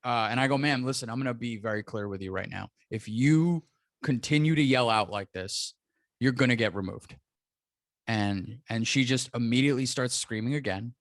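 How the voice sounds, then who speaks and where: A man's voice: medium pitch, moderate pace, no echo, clean studio sound. A man telling a story in a casual podcast chat, acting out the people he quotes. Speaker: comedian guest.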